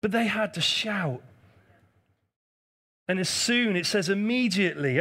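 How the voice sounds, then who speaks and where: A man's voice: high voice, lively intonation, a little slow, bright, forceful tone. A male pastor preaching a live sermon to a congregation in a church. He repeats key phrases for emphasis, asks for responses and teases people in the pews. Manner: addresses the congregation directly, calls for responses and teases members.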